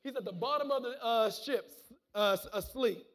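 A man's voice: extremely high pitch, moderate pace, a bit bright. A man preaching a sermon, reading scripture and calling out amen and hallelujah, often repeating words as he goes. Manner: fervent, punctuates with calls of amen and hallelujah; repeats words and restarts phrases.

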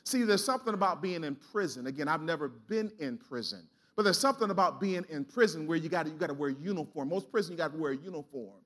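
A man's voice: a little high, lively intonation, fast talker, few pauses, a bit bright, husky. A man preaching a sermon in a church, exhorting the congregation with call-and-response and casual, colloquial asides. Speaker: pastor. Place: church sanctuary.

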